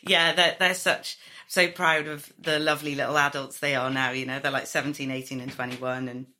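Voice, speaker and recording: A Welsh woman in her thirties, a comedy writer chatting casually and telling animated stories, swearing freely and acting out other people's voices. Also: low voice, fairly quick, a little hiss or hum. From Wales. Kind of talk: casual chat.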